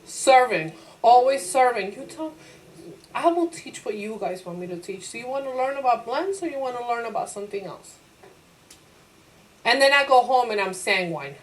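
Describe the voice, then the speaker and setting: A woman teacher lecturing a class, her voice sitting a little high. She talks with lively energy, slipping into quoted voices for her own thoughts and firing rhetorical questions at the room. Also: normal speed, low-quality recording. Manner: laughs easily, asks the class rhetorical questions.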